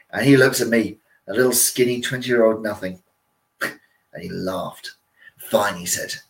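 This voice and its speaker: A man's voice: mid-range voice, a bit bright, rough recording. A man telling a story in character as a costumed storyteller, with a theatrical delivery and playful asides to his listeners. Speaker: costumed storyteller at a visitor attraction. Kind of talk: theatrical first-person storytelling.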